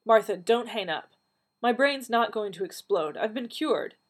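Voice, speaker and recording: A woman's voice: medium pitch, animated, lightly acted. A woman voicing a brash redhead. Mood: spirited. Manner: brash, quick-tempered. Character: feisty red-haired young British woman.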